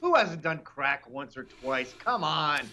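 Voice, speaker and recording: A man's voice: fairly high pitch, big pitch swings, a little slow, bright, forceful tone, slight background noise. A man guest on a political talk show, brash and mocking, sometimes putting on silly voices.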